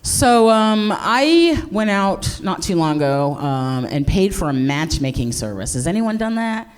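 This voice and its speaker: A woman's voice: on the low side, big pitch swings, a little slow, clear, resonant tone. A middle-aged woman doing live stand-up comedy, brash and profane, with a voice that swings widely up and down as she plays to the crowd. She mocks herself and talks straight to the audience. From United States. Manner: brash, profane, self-mocking, playing to the crowd.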